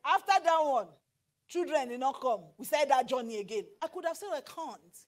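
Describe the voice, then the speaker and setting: A middle-aged Nigerian woman preaching on marriage, animated and slipping into pidgin with acted asides. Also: high-pitched, normal speed. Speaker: pastor and marriage counselor. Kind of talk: sermon.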